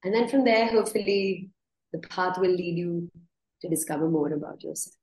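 An earnest woman yoga teacher, a podcast guest, tells reflective stories in an interview from an echoey room. Her lowish, slightly mellow voice moves at normal speed, and she repeats words as she restarts, laughing as she goes.

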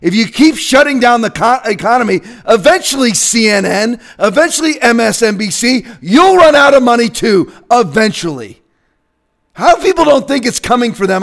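A man delivers a heated sermon from the pulpit. His voice sits high to begin with and climbs even higher as he presses one rhetorical question after another. At its peaks it breaks into shouting. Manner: voice climbs high when agitated. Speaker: pastor. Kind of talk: political sermon rant.

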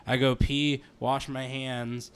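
A young man co-hosting a casual podcast, cracking quick jokes and telling long stories. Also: mid-range voice, level tone, smooth. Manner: jokey quips, long, detailed anecdotes. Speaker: podcast co-host. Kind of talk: casual storytelling chat.

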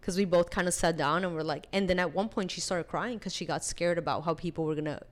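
A woman's voice: lowish voice, fast. Chatty young woman telling a story. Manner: chatty, peppers speech with "like"; lively, animated retelling. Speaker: podcast guest. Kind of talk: casual storytelling chat.

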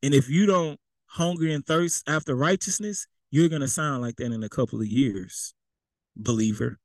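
A man's voice: medium pitch, normal speed, a little mellow, no room sound, poor audio. Man preaching a casual sermon. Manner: conversational, repeats words, folksy slang.

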